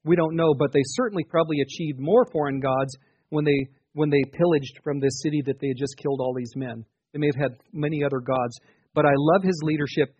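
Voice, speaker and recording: A man's voice: fairly high pitch, fairly even intonation, fast talker, darkish tone, breathy edge, no room sound, highs cut off. A man in his forties preaching a sermon, telling a personal testimony with earnest, emphatic rises. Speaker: pastor.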